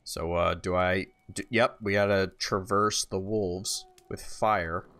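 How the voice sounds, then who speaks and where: A man casually commenting while playing a video game for the first time, reacting loudly to surprises and musing quietly in between, a bit tired. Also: low-pitched, takes it slowly. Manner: reactive, swings from calm musing to excited shouts. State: tired, yawning. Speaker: gaming YouTuber. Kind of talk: casual let's-play commentary.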